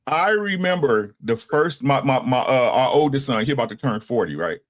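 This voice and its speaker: A man's voice: medium pitch, expressive, normal speed. A man in his sixties, co-hosting a casual talk show, speaks bluntly and with a lot of profanity, often tagging his points with "right?". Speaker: podcast co-host.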